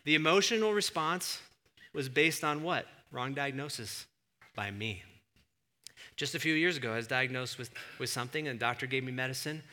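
Forceful bright-voiced preacher, church reverb. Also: male voice, mid-range voice, moderate pace. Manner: animated storyteller, surges to emphatic near-shouts. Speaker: pastor. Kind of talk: sermon. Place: church sanctuary. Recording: long reverb of a church hall.

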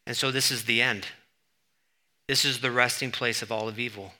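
A male pastor teaching in a very bright, sharp tone. He talks through his sermon conversationally, then leans hard on key words with sudden emphasis. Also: medium pitch, steady tone, moderate pace.

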